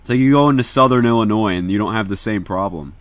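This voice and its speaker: A young man from Indiana, chatting casually to viewers on a livestream in an excitable, slangy, profane way. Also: on the low side, fast, dry recording.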